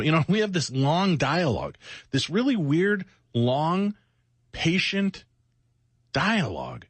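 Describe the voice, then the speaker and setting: A middle-aged man with a husky voice and a dry, close studio sound co-hosts a late-night radio show. He sounds worn out and short on sleep, rambling and reflecting with self-mocking asides. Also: a little high, wildly swooping pitch, measured pace, no echo. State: exhausted, sleepless. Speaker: radio co-host.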